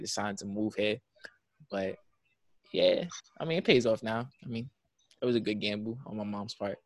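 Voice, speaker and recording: A man's voice: lowish voice, fairly bright tone, dry recording. A young man from Jamaica with a New York accent, talking in a rambling casual chat full of fillers.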